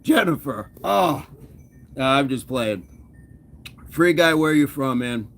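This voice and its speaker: A man's voice: medium pitch, measured pace. A man hosting a fitness livestream, casually teasing and chatting with his viewers. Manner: playful teasing banter, reads and answers chat. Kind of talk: casual live chat with viewers.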